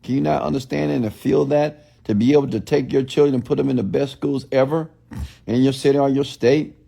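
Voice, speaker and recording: A man speaks in a blunt, preachy motivational style, repeating questions like a preacher working a crowd. His voice is gravelly with a fry at the edges, and the tone sits dark and mellow. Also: mid-range voice, steady tone, a little fast. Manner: preachy, repetitive call-and-response questions; blunt, scolding. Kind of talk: motivational livestream talk.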